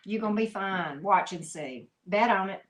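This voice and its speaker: A woman reading tarot cards live for her viewers, folksy and emphatic. Her voice sits in an ordinary middle pitch. She talks chattily and scatters "mm-hmm" asides between her points. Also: lively intonation, moderate pace, very noisy. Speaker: tarot reader.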